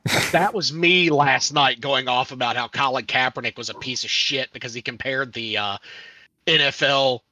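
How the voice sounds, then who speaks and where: A man's voice: mid-range voice, moderate pace, sharp tone, dry recording. Crude, mock-ranting male podcaster. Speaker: podcast co-host. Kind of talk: casual chat. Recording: voice a bit off-mic with faint noise.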